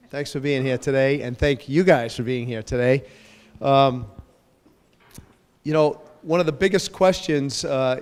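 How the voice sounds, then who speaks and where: A man's voice: medium pitch, clean tone. A man serving as parish pastor welcomes a gathering and introduces panelists in a chatty, rambling, self-joking way, with many fillers. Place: church or parish hall. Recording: long echoey hall reverb.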